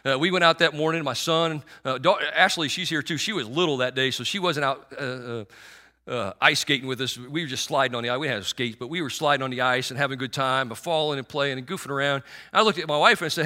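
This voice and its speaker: A man's voice: medium pitch, quick pace, sharp tone. A middle-aged man preaching a sermon in a conversational, sarcastic way, with many restarts and fillers.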